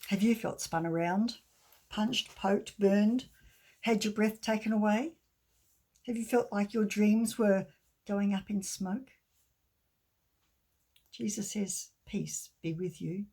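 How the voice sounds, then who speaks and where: A middle-aged woman giving a gentle sermon with a children's story, often dropping to a soft near-whisper. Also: mid-range voice, steady tone, slow, pauses often. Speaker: church speaker.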